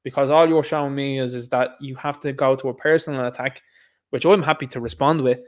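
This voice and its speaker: A man's voice: mid-range voice, steady tone, a little fast. A man with an Irish accent giving solo commentary to camera, sarcastic and scoffing in tone. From Ireland. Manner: sarcastic, scoffing, mocks others in put-on voices. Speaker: online commentator.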